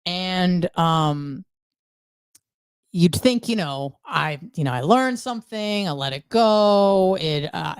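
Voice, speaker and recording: A woman's voice: on the low side, animated, slow pace, clear, resonant tone, no room sound. A woman guest on a podcast, telling her story bluntly with frequent swearing. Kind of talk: candid conversational storytelling.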